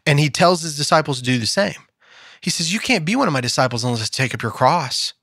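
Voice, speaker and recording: A man co-hosting a podcast in a studio, telling personal stories in a casual, animated way and acting out what others said. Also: a little high, quick pace, no room sound. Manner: animated storyteller, acts out quoted voices. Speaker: podcast co-host.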